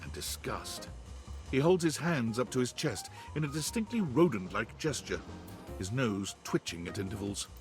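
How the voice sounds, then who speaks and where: A man narrating scenes in a video game, measured and descriptive. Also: medium pitch, very animated, soft background music. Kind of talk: scripted narration.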